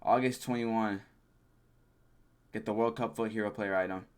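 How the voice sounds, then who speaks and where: A man's voice: lowish voice, fairly even intonation, moderate pace. A man reacting casually to a game trailer, blunt and sarcastic, with slang and swearing.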